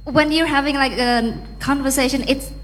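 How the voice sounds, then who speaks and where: A woman English tutor who gently corrects phrasing and explains in a measured, careful way. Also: high-pitched, fairly even intonation, big-room sound. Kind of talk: explaining in a classroom.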